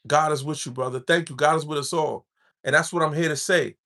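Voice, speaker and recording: A man's voice: on the high side, steady tone, a little fast, a bit bright. A middle-aged man hosting a show, talking with passion in a street-inflected style and repeating himself for emphasis. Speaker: podcast host. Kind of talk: impassioned casual talk.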